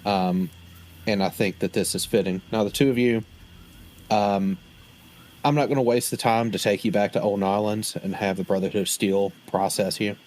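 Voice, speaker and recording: Low-voiced man, measured and formal. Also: fairly even intonation, a little mellow. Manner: measured, formal, many fillers. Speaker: player. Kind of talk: in-character speech at a tabletop game.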